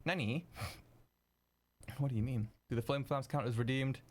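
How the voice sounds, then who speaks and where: A young man streaming while he edits video, chatting casually with viewers, excitable and swearing freely. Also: mid-range voice, normal speed. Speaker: streamer editing video live. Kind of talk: casual live-stream chat.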